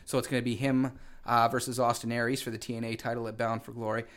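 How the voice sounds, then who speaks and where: A man's voice: mid-range voice, level tone, fast talker, a bit bright. Rambling male wrestling show co-host. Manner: rambling with frequent fillers and restarts. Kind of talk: casual wrestling radio chat.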